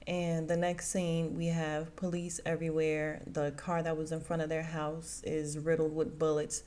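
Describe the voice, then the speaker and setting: A woman's voice: sits low, monotone, normal speed, mellow. A woman hosting a podcast, casually recapping a TV episode and quoting the characters' lines in a conversational way. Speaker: podcast host reviewing a TV episode.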